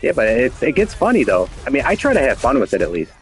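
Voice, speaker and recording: A man's voice: medium pitch, wildly swooping pitch, quick pace, soft background music. A man talking casually in a boastful, rambling way, chuckling now and then as he goes. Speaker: show host. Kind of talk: casual monologue.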